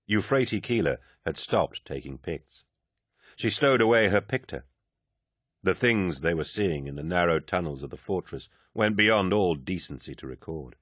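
Deep husky male audiobook narrator. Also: expressive, fairly bright tone, dry recording, clean studio sound. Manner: measured, low-key storytelling. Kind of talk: scripted narration.

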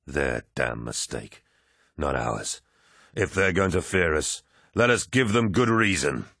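A man voicing a grim, embattled male warlord commander in an audiobook, speaking low and bitter. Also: lively intonation, takes it slowly, creaky, fairly bright tone, no room sound, clean studio sound, exaggerated voice. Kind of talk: audiobook character voice.

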